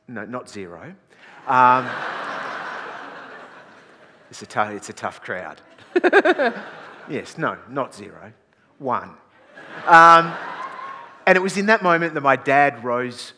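Man, middle-aged pastor, bright forceful voice, chatty self-deprecating sermon, long hall reverb. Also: mid-range voice, a little hiss or hum. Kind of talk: storytelling sermon.

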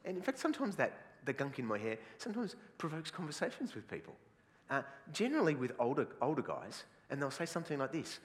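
A man's voice: mid-range voice, very animated, fast, a bit bright. A man with an Australian accent, a pastor opening a sermon with playful, self-mocking jokes to his congregation. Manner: jokey, self-mocking, laughs at own jokes. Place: large church hall. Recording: long hall reverb.

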